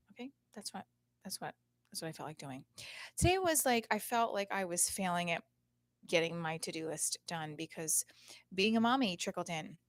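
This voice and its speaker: A woman in her thirties with a fairly low voice hosts her own podcast, delivering a casual, candid, rambling live-stream monologue full of fillers and free swearing. Her home setup streams and records at once, and the sound has no echo.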